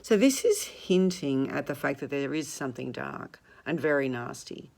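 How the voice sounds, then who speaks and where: A woman's voice: a bass voice, lively intonation, moderate pace, gravelly, darkish tone. A woman reading a novel aloud and explaining it in conversational asides, like a teacher.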